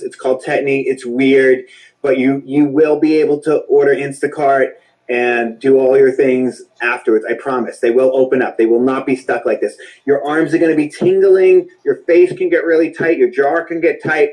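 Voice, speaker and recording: A man's voice: mid-range voice, a little mellow, rough recording. Chatty man coaching a breathwork class. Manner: reassuring, chatty, casually profane. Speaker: breathwork instructor. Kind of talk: casual spoken instruction.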